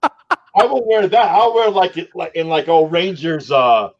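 A man's voice: fairly high pitch, dull audio. A man in a casual podcast chat who rambles and stops and starts, making fun of himself and swearing. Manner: rambling, halting, self-deprecating, swears. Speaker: podcast co-host.

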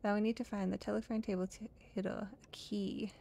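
A woman's voice: medium pitch, flat delivery, fairly quick, gravelly, dark tone. A woman playing a video game, reading its text aloud and joking along playfully. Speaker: let's play host. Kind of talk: casual game playthrough with read-aloud narration.

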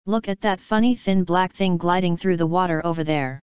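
A brash, boastful male centipede out of a storybook, voiced by a woman. Lowish and crisp, recorded dry and slightly dull. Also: moderate pace, no echo, natural voice. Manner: brash, urgent.

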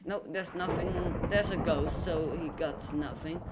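A young man, an English speaker, giving rambling, excitable commentary over his own gameplay. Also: a little high, heavy background noise. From Russia. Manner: excitable, rambling, quick to complain and panic. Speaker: gaming YouTuber.

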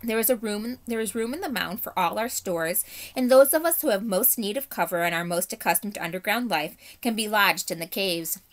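A woman's voice: animated, a little fast, few pauses. A woman teacher reading a children's novel aloud, lifting her voice a little for the characters. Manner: voices characters with small pitch lifts. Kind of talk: storybook read-aloud for children.

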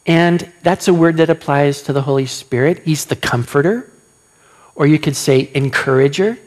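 A man preaching a sermon as pastor, animated and questioning his listeners, acting out quoted lines. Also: a little high, moderate pace.

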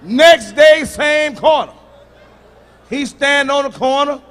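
A male stand-up comedian performing a profane set, teasing the audience and shouting punchlines at them. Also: very high-pitched, slow.

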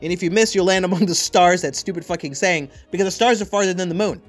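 Man, podcast host, rambling and profane, slightly high voice, faint music behind. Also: fast. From United States. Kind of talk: casual chat.

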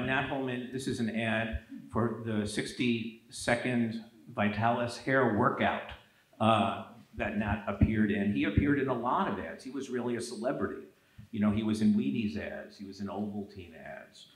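Man, author, low voice, storytelling with lively quotes, echoey hall. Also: moderate pace. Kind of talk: conversational talk at a public event. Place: event hall.

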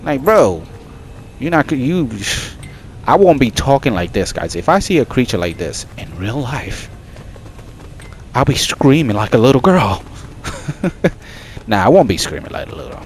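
A man giving casual let's-play commentary on a horror game, excitable and jokey, with frequent startled exclamations. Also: medium pitch, unhurried, long pauses, slight background noise. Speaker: gaming channel host.

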